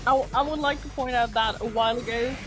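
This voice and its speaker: A woman from Germany, chatting on a group stream, telling a story haltingly and making dry jabs. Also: a little high, fairly even intonation, low-quality recording. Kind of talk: casual group chat. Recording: music behind the voice.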